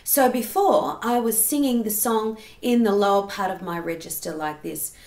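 A woman's voice: mid-range voice, normal speed, a little mellow, reverberant. A woman giving a singing lesson, explaining step by step and breaking into sung examples. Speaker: singing teacher.

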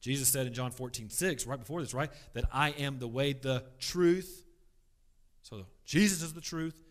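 A man teaching a church Bible class, emphatic, swinging between loud stress and quiet asides, often repeating words as he restarts. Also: mid-range voice, normal speed.

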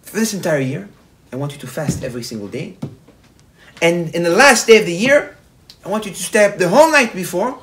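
A man's voice: sits high, animated, fairly quick, a bit bright, poor audio. A man voicing a lost princess in a told story, earnest and instructing. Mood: pleading. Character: lost princess, young woman, pleading.

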